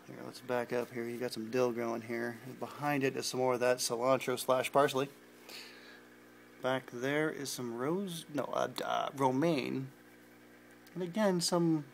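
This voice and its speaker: Casual male home gardener, mid pitch with a gravelly edge; unpolished, self-mocking walkthrough recorded on a phone. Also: a little hiss or hum. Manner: rambling, self-deprecating, many fillers and restarts. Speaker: home gardener giving a tour. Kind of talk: casual unscripted garden tour. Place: indoor garage garden. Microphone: phone camera held while walking.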